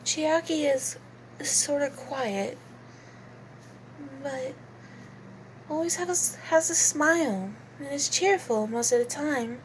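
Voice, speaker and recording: Woman, casual, chatty, self-deprecating, slow unhurried pace. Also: high-pitched, slight background noise. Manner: chatty, self-deprecating about her impressions. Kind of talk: casual explanation of character voices.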